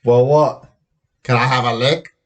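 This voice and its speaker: A man's voice: medium pitch, steady tone, measured pace, muffled recording, lightly acted. A man voicing a pushy, nosy schoolboy friend in a children's story, reading his lines in a pestering, suspicious way.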